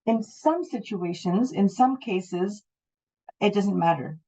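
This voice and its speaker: A woman's voice: medium pitch, slow, warm tone. A woman in her forties from Canada, teaching an English class, explaining patiently and repeating the key points. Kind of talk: online class lesson. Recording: dull lo-fi audio.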